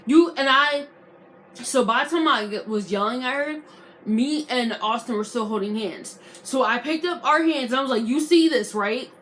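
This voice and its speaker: Young woman vlogger, lively slangy storyteller, slightly high voice, faint background hum. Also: normal speed. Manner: animated, slangy, re-enacts arguments. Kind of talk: casual storytime vlog.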